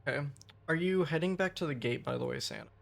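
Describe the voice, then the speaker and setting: A man's voice: fairly high pitch, quick pace, vocal fry. A man running a tabletop game as game master, narrating casually with fillers.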